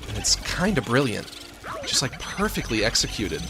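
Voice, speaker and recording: A man streaming a game, chatting excitedly and rambling about a favourite cartoon character. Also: mid-range voice, moderate pace, music in the background. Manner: excitable, rambling fan talk. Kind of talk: casual gaming stream commentary.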